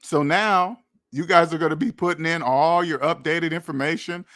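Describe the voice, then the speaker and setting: A man's voice: a little high, moderate pace, fairly bright tone. A young adult man hosting a personal finance channel, lecturing his viewers bluntly and repetitively in a preachy, scolding manner.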